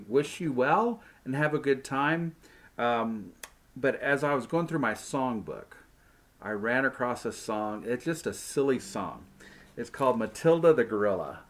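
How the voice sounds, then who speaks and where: A man pastor leading a children's worship talk and prayer, speaking gently and simply to young children. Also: medium pitch.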